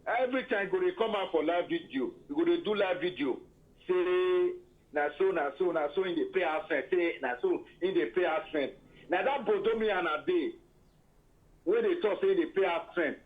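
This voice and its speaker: A man's voice: sits high, moderate pace, narrow, tinny audio. Heated Nigerian man ranting in pidgin. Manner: heated, accusing, repeats himself. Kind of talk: live video call chat.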